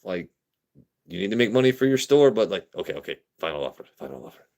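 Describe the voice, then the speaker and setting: A man's voice: sits low, fast. A young man from Maryland hosting a live stream, chatting casually, swearing and reading chat. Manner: profane, animated, talks to chat. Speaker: livestream host.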